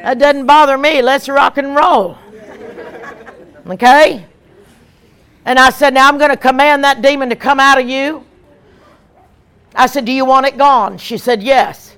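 A woman evangelist, preaching an emphatic, animated sermon with repeated lines. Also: sits high, a little slow, pauses often, a faint crowd.

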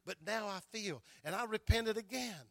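A man's voice: sits high, moderate pace, vocal fry, pushed and bright, no room sound. An older man preaching a sermon and telling his own stories, stumbling over repeated words and adding "amen" between his lines. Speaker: pastor.

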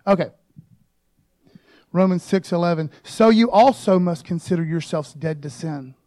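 A man's voice: fairly high pitch, warm tone. A man preaching a casual sermon, joking, with frequent rhetorical asides. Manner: informal and joking, peppers talk with "man" and "okay?", quick rhetorical asides. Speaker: pastor.

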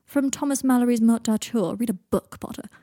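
A woman doing a cheerily gloomy young man who turns everything into a show. The voice sits a little high and sounds breathy, with a dry, close sound. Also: fairly quick, warm tone, dry recording. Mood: arch, theatrical. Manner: dry, arch and dramatic.

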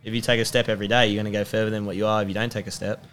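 Young guy, emphatic pep-talker, quick delivery, slightly low voice. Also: level tone, a bit bright. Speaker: podcast guest, personal trainer and rugby player. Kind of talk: motivational casual chat.

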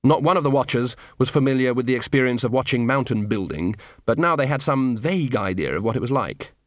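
Male narrator, wry and expressive, animated delivery, dead dry booth. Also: medium pitch, brisk, no echo. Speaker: audiobook narrator. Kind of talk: audiobook narration.

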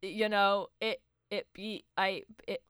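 Young woman, podcast co-host, giggly and rambling, slow-talking, bright crisp voice. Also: mid-range voice, flat delivery, dry recording. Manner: giggly, rambling, frequent restarts. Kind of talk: casual podcast chat.

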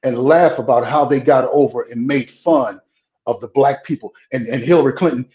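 A man's voice: mid-range voice, moderate pace, darkish tone, roomy sound, highs cut off. A man, a pastor running for Congress, speaking frankly and bluntly in a political interview and often stumbling over fillers.

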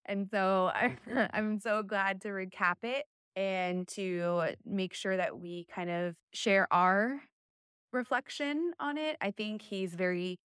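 A woman's voice: medium pitch, takes it slowly, fairly bright tone, clear, resonant tone, no echo, studio quality. A woman podcast co-host reflecting in a thoughtful, hesitant way, often searching for words. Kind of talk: reflective conversation.

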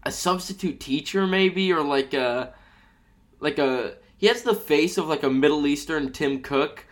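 A man's voice: on the high side, a little slow. A young man hosting a podcast, telling a crude story in a rambling way with lots of fillers. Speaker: podcast host. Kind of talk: casual podcast chat.

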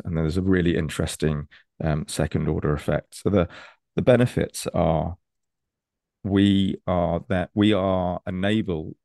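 Man, gravelly, deep, persuasive, enthusiastic, video call, dry sound. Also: warm tone, no room sound. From United Kingdom. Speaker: Bitcoin consultant. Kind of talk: explaining on a group call.

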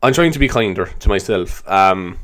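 Man, comedy host, improvised rambling monologue, self-mocking, frequent laughter, very lively pitch. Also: normal speed.

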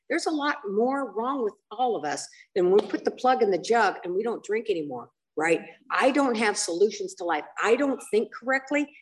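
An older woman candidly telling her own story at a recovery meeting, rambling and self-mocking, with many fillers and asides. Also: mid-range voice. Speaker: speaker sharing at a recovery meeting. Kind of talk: candid personal testimony. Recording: voice picked up from a distance.

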